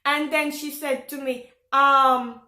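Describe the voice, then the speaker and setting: Bright-voiced Caribbean woman vlogging. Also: high voice, measured pace, reverberant. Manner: animated, exclaims loudly when retelling reactions. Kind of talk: casual storytelling to camera. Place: home in France.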